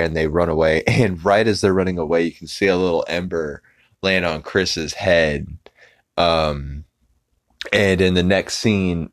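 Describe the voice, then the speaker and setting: Low-voiced man rambling through a recap. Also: no echo, clean studio sound. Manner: rambling, halting retelling that loosely acts out characters' lines. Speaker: podcast host. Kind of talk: casual episode recap.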